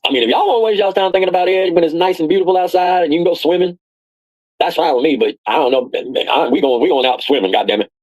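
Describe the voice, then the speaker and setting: Fast rambling foul-mouthed man. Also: fairly high pitch, a little mellow, rough recording. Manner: rambling and profane, repeats himself. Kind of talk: casual rant.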